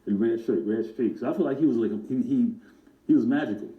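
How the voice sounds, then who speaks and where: A man, a music producer and guest, telling stories in an animated way and acting out the voices of the people in them. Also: medium pitch, fast talker, roomy sound, phone-quality sound. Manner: acts out other people's voices in his stories. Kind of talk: animated storytelling.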